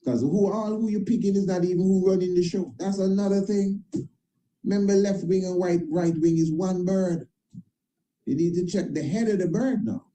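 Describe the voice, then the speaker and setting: A man's voice: high voice, moderate pace, warm tone, poor audio. A man speaking as a priest in an impassioned monologue, emphatic and repetitive, with informal grammar and frequent tag questions. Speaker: priest and internet show host. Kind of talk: impassioned talk-show monologue.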